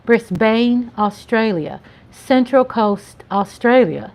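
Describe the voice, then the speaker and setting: Chatty woman hosting a livestream. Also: fairly high pitch. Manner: chatty, playful, drawn-out greetings. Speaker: livestream host. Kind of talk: casual live-stream chat.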